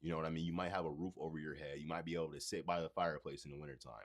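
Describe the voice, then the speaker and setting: Male streamer host with a very deep voice, loose and conversational, swears freely. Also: steady tone, rapid-fire. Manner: loose, profane, conversational, addresses chat directly. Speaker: livestream host. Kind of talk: casual livestream monologue.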